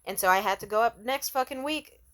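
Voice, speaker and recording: A woman's voice: a little fast, a bit bright. A woman telling a story in a casual rant, swearing freely and acting out what people said in raised voices. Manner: profane, exasperated, acts out quotes in high voices.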